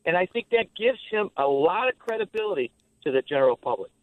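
A man speaking as a former state legislator guest in a radio interview, starting haltingly and then talking with animation. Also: high-pitched, big pitch swings, no echo. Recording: tinny dry phone line.

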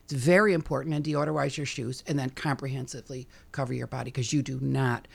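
A woman talks through her work as a guest in a casual interview. Her voice has a gravelly, fry-tinged edge. She is chatty and animated, jumping between asides and fillers. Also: extremely low pitch, quick pace. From Chicago, USA. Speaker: guest, bug repellent maker.

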